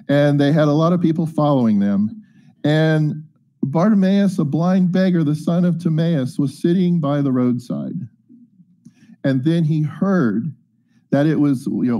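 A man's voice: on the high side, warm tone. A man preaching a casual, folksy sermon, chatty and joking as he reads and explains scripture. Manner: folksy, chatty, jokes and asides.

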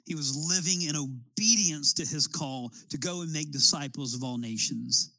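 A man's voice: on the high side, moderate pace, sharp tone, no echo, rough recording. A man preaching a sermon as a pastor, building his points with emphatic, rising appeals.

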